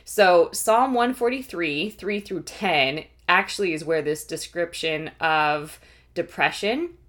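A woman with a somewhat low voice gives an earnest faith-based teaching talk. She explains step by step and keeps checking in with her listeners with "okay?" and "right?". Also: takes it slowly, a bit bright. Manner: earnest, explanatory, occasional restarts. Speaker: Christian teacher and life coach.

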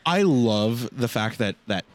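A man's voice: mid-range voice, expressive, slow pace. A man co-hosting a casual sports chat, dry and sarcastic, often hesitating with fillers. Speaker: podcast co-host.

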